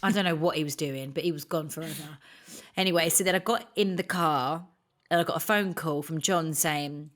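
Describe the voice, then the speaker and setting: A woman's voice: deep voice, normal speed, a bit bright. A woman co-hosting a podcast, telling an anecdote in casual chat and acting out the people she quotes. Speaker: podcast co-host.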